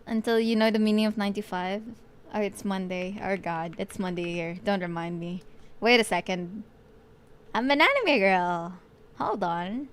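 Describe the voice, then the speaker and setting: A woman with a smooth, medium-pitched voice speaks at a moderate pace with fairly even intonation. She streams as a vtuber while painting, bantering playfully with viewers, cursing casually, and musing to her chat.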